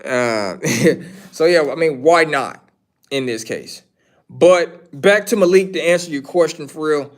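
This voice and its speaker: A man talks casually on a livestream, his voice sitting a little higher than most men's. He rambles, repeats his points, and gives blunt opinions while answering questions from chat. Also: slow. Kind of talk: casual wrestling commentary.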